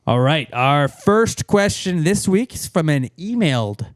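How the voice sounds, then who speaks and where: A man's voice: fairly high pitch, sing-song, a little slow. A man co-hosting a casual podcast, reading listener questions aloud and joking around, swearing freely.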